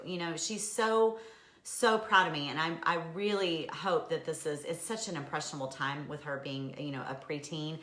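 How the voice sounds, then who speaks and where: A woman hosts a casual live stream, speaking to viewers in a bright, forceful voice with a fairly low pitch. She talks in an encouraging, emotional way and laughs often. The sound is roomy, with clear echo. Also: moderate pace. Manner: encouraging, answers viewer comments by name. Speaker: host of a weekly live stream.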